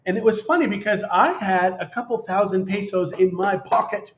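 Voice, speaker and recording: A man's voice: high-pitched, moderate pace, slight background noise. A man co-hosting a casual chat show, telling stories with playful exaggeration. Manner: joking storyteller, playful exaggeration. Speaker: co-host. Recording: roomy, dull lo-fi livestream sound.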